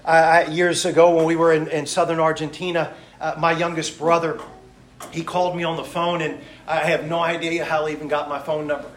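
A middle-aged man, a missionary preacher, delivering a sermon in emphatic rhythmic lists that swing from loud to hushed. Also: fairly high pitch, flat delivery, a little fast, reverberant.

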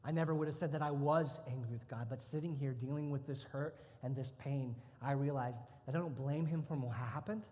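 A man's voice: medium pitch, brisk, hardly any pauses, mellow. A man preaching a sermon as pastor, telling a personal testimony earnestly and with emotion, rising at times to intense outbursts. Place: church sanctuary. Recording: church hall reverb.

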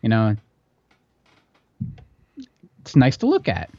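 A man's voice: fairly low pitch, wildly swooping pitch, slow pace, darkish tone, muffled recording, slight background noise. A man co-hosting a casual podcast, rambling through childhood memories with lots of fillers and a self-deprecating manner. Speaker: podcast co-host. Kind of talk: casual chat.

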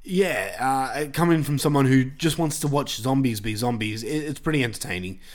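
A man's voice: medium pitch, moderate pace. A man hosting a podcast, chatting loosely with lots of fillers and casual swearing. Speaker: podcast host.

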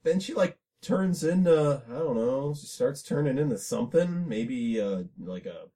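A man's voice: medium pitch, expressive, measured pace, dark tone. A man co-hosting a podcast, rambling casually about a movie with plenty of fillers and restarts. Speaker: podcast co-host.

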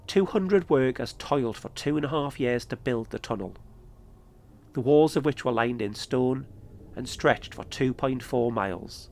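A man narrating his own podcast episode in a calm, measured storytelling manner. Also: medium pitch. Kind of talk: scripted narration.

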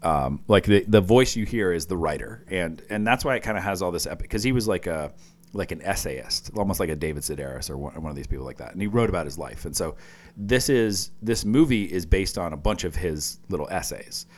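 A man's voice: sits low, expressive, brisk. A man co-hosting a podcast in casual chat, teasing his partner and explaining things with lots of likes and restarts. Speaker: podcast co-host.

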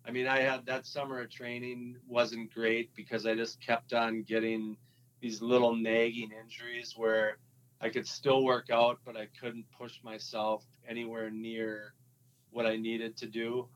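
In a laid-back interview, a man who used to play hockey recounts his past in a Minnesotan accent, stumbling through fillers and false starts. He speaks at a medium pitch, and the audio quality is poor.

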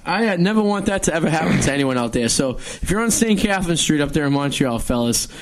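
High-voiced man telling a rambling story. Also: fast. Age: 30s. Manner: rambling, animated, self-mocking storyteller. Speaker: radio show co-host. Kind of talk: casual storytelling chat.

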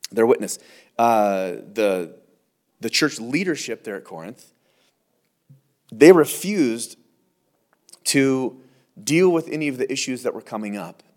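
A man's voice: mid-range voice, a little mellow. A man, a pastor, teaching through scripture verse by verse in a conversational, emphatic way, often restarting and repeating words.

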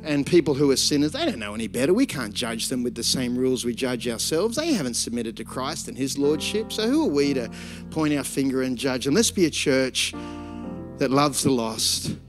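A man, preaching a sermon and telling a lively personal story with many restarts. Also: mid-range voice, moderate pace, music in the background. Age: 50s. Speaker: pastor.

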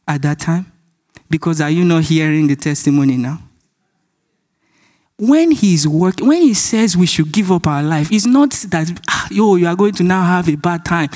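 A man with a Nigerian accent preaching a sermon, telling stories, acting out dialogue and laughing often. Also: on the high side. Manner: animated storytelling, acts out dialogue, laughs often.

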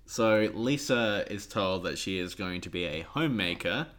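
A man's voice: low voice, expressive, moderate pace, fairly bright tone. Aussie guy on a podcast, punny and jokey, laughs a lot, chatting casually. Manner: jokey, punning, laughs often. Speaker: podcast co-host. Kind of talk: casual chat.

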